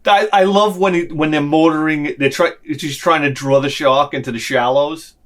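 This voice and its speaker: Middle-aged male vlogger, slightly high voice, animated comedic rant with voices. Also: moderate pace. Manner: animated ranting, acts out lines in voices. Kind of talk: casual comedic monologue.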